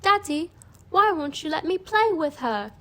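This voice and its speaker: A woman voicing a little British girl with a high, childlike squeak in a British accent. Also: sing-song, measured pace, pushed and bright, heavily acted. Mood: pleading.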